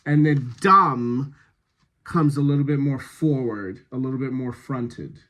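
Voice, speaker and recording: A man working as a dialect coach, reading rehearsal notes to a cast in a slow, measured way with frequent pauses. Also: medium pitch, a bit bright.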